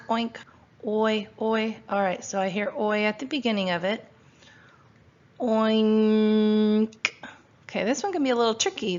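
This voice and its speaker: A woman teaching a phonics spelling lesson to first graders, patiently sounding out letters and asking questions, recorded at home. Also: mid-range voice. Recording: dull lo-fi recording.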